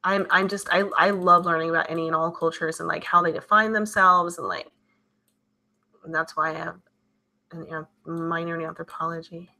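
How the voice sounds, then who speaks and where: Running a laid-back live stream, this woman reads viewer comments aloud and replies loosely and chattily. Her voice is bright and forceful, pitched slightly low, with a flat delivery at a moderate pace.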